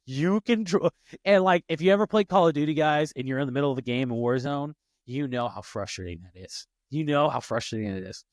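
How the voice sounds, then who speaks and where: A man's voice: medium pitch, brisk, no echo. A man in his late twenties, a podcast host in casual chat, telling stories and acting out quotes with a rising voice. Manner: animated, acts out quotes with rising voice.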